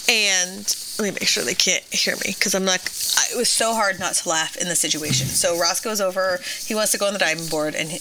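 A woman's voice: lowish voice, pushed and bright, a little hiss or hum. A woman in her thirties, a mother, chatting casually on a phone call and telling a story with lots of laughter.

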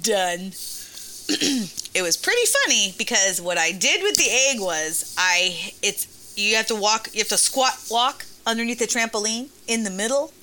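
A woman in her thirties tells a family story in casual chat. Her voice is fairly high and bright, and she laughs often and acts out her kids' lines. A faint hiss sits behind her. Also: animated, normal speed. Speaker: mother telling a family story.

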